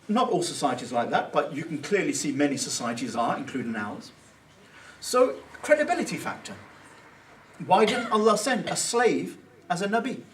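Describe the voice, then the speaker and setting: A man gives an informal Sunday talk at an Islamic centre, thinking out loud in a conversational way and mixing in Arabic phrases. His voice sits a little high and is picked up from some distance away from the mic. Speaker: Islamic teacher.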